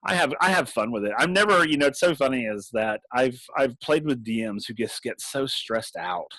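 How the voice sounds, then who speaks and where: A man's voice: mid-range voice, expressive, normal speed, fairly bright tone, dry recording, poor audio. A man in casual chat about tabletop games, rambling with restarts and laughing often. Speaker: game master and podcast host.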